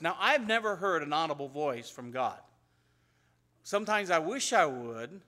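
A pastor telling Bible stories in a conversational sermon and acting out the dialogue. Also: male voice, fairly high pitch, fairly bright tone. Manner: conversational storytelling, acts out biblical dialogue. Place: church.

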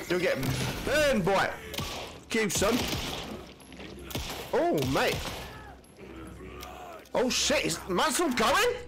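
A man with commenting on a video game he is playing, excitable, jumpy and swearing often. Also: sits high, background noise. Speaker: gaming channel host. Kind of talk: let's-play commentary.

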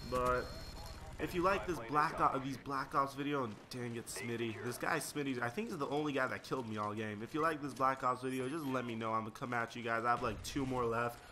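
A man's voice: mid-range voice, a little fast. A young man rambling through casual gameplay commentary and stories, slangy and easily sidetracked. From United States. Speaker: gaming video creator.

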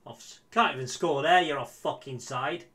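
A man's voice: on the high side, normal speed, pushed and bright. Man, gaming commentary, frustrated, swears a lot, chats to viewers. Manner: exasperated, swearing, talks to viewers. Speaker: gaming YouTuber. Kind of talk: casual game commentary.

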